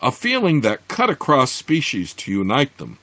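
Man, husky, lively intonation, fantasy novel read aloud, dry close sound. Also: mid-range voice, normal speed, no room sound. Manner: expressive, with small slips and restarts. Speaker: reader.

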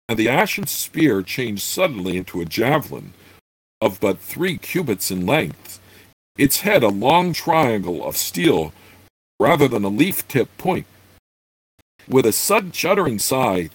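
A man reading a fantasy novel aloud, with unhurried asides full of fillers. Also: medium pitch, husky, dry recording, low-quality recording. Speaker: reader.

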